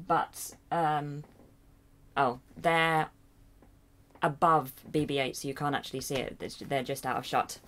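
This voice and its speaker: Low-voiced English woman chatting on stream. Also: fairly even intonation, slow. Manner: rambling, hesitant, self-deprecating, with frequent fillers and chuckles. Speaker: livestream host. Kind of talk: casual live chat reading viewer comments. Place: home room at a computer. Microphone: desk mic near a loud keyboard.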